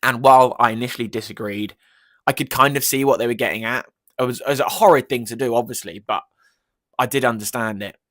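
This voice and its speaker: A man's voice: medium pitch, fast, fairly bright tone, no room sound. A man talking through a film in a casual review vlog, enthusiastic and rambling, with many ums and restarts.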